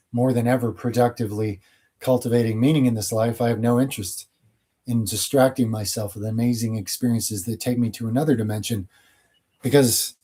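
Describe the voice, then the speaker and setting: A man's voice: mid-range voice, warm tone. A man hosting his channel, answering viewer questions in a casual, rambling monologue with blunt opinions.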